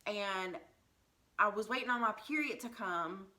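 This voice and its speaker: A young woman with a bright, clear voice tells a personal story straight to her viewers. She talks candidly and conversationally, dropping plenty of "like" and "um" as she goes. Her pitch sits in an ordinary middle range. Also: a little slow. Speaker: vlogger.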